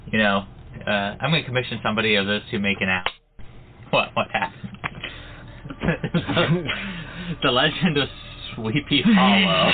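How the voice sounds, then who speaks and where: A man co-hosting a casual horror book club podcast, laughing often and tripping over his words. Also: medium pitch. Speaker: podcast co-host. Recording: tinny phone-like sound, faint noise.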